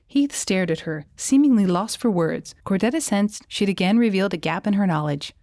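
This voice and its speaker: A woman narrating a fantasy romance audiobook in an even, measured storytelling manner. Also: mid-range voice, dry recording, studio quality. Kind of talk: scripted narration.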